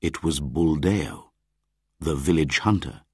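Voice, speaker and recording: A man reading a storybook aloud as the narrator, in a measured, deliberate way. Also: a bass voice, darkish tone, breathy edge, no echo, clean studio sound.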